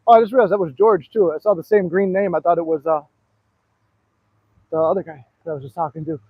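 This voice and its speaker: A man's voice: fairly high pitch, fairly even intonation, fast, husky, dry recording. A man telling rambling stories with many fillers in a casual live talk, out of breath as he walks. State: out of breath, walking. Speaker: manifestation coach. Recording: dry tinny phone-like audio.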